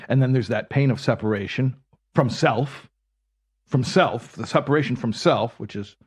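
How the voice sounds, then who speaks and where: A man's voice: mid-range voice, moderate pace, breathy edge. A man in a reflective conversation who explains ideas step by step and repeats his key words.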